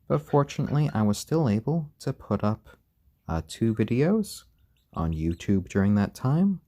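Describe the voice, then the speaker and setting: A man with a lowish, husky voice hosts a relaxed live stream at home. He talks gently and fondly to his baby chickens between chatting with viewers, his voice warm and mellow and rising and falling a lot. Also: normal speed. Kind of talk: casual live-stream commentary.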